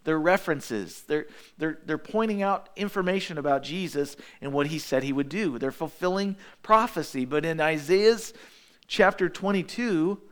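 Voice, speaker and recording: A man preaching a verse-by-verse sermon in a fairly high voice. He cites chapter and verse as he goes and jumps up sharply in pitch when he acts out a doubting voice. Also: moderate pace. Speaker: pastor.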